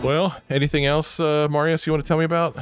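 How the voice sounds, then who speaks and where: A man's voice: a little high, flat delivery, fast, over music. A man giving casual, joking commentary while playing a game and reading its dialogue aloud. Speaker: let's play host.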